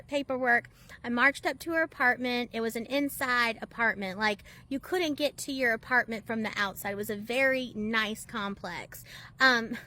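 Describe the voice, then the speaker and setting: A woman telling a story in a casual, animated, chatty way, often laughing. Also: sits high, dry recording. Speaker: storyteller, process server.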